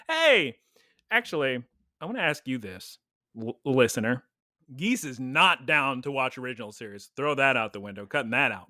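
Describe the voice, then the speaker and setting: A man co-hosting a podcast in casual chat, playful and quick to laugh. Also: medium pitch, bright, forceful tone, no echo, studio quality. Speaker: podcast co-host.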